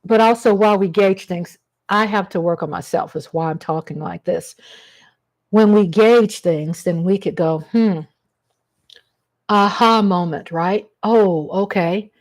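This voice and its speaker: Her voice sits on the low side and sounds a little mellow as she talks at normal speed. She's hosting a casual livestream, rambling chattily and welcoming viewers by name.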